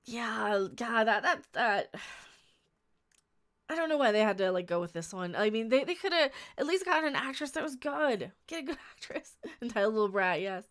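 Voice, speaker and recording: A woman's voice: fairly high pitch, lively intonation, normal speed, a bit bright. A woman chatting casually on a live stream, reading viewer comments and giving blunt opinions, rambling with frequent restarts and laughs.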